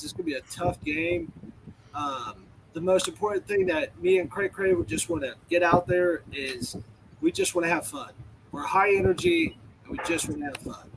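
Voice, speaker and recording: A man's voice: high voice, creaky, a little hiss or hum, rough recording. A man who leads a team, chatting in an upbeat, encouraging way. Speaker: team commander. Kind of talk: casual chat.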